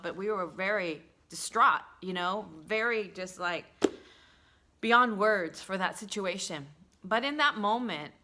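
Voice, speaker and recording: A middle-aged woman hosting a faith talk, sharing an emotional personal testimony with many pauses and restarts. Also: on the low side, bright, forceful tone. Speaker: host.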